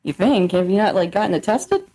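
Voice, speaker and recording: A woman's voice: medium pitch, expressive, brisk, warm tone, breathy edge. A young woman co-hosting a podcast in casual chat, blunt and swearing freely as she acts out quoted exchanges. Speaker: podcast co-host.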